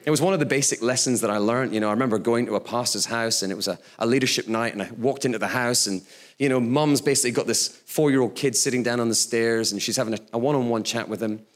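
A man's voice: medium pitch, fast talker. A man in his thirties, a pastor preaching a sermon in a conversational, storytelling way with occasional laughs.

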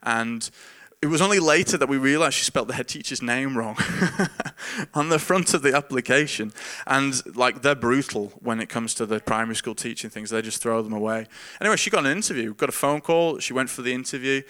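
Bright-voiced man preaching conversationally. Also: mid-range voice, fairly quick. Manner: earnest, informal preaching with frequent repeated words and chuckles. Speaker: pastor. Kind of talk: conversational sermon.

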